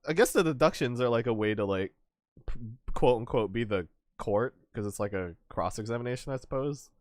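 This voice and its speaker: A man's voice: mid-range voice, fairly quick, no room sound, studio quality. A man hosting a stream, chatting casually and laughing often between rambling, restarting sentences. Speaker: streamer host. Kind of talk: casual chat.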